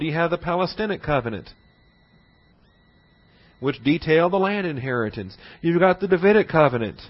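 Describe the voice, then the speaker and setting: A man teaching a Bible class in a conversational lecture, often checking in with his listeners. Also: a little high. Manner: conversational, checks in often with "all right?" and "see?". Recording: dull lo-fi recording.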